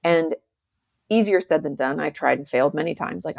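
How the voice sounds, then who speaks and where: A woman's voice: low voice, moderate pace, vocal fry. A woman who is a guest author, talking casually in a podcast conversation, chatty with many fillers and acted-out quotes.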